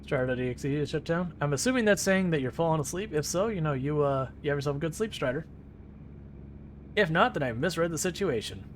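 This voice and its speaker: A man's voice: fairly high pitch, animated, fast, a little hiss or hum. A man casually chatting with his live-stream viewers while driving in a game, rambling and laughing easily. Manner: talks to chat while driving.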